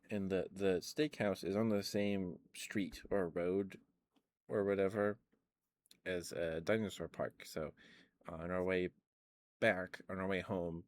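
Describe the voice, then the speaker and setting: A man streaming low-energy ASMR chat from home into a close microphone, tired and losing his voice, talking softly in a relaxed, rambling way. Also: a little hiss or hum. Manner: soft, relaxed, rambling talk. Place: at home, indoors. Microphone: ASMR microphone with cover.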